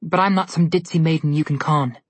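A woman's voice: low-pitched, a little fast, no room sound. A woman voicing a hardened young woman outlaw who speaks bluntly and defiantly.

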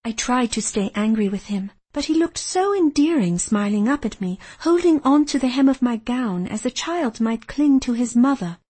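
A woman narrating a first-person story as an audiobook reader, expressive and voicing the dialogue. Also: a little high, breathy edge. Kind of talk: scripted narration.

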